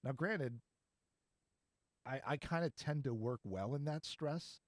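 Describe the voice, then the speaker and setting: A man's voice: medium pitch, slow, no room sound. A man hosting a podcast, talking in a casual, rambling way and laughing easily. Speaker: podcast host. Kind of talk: casual chat.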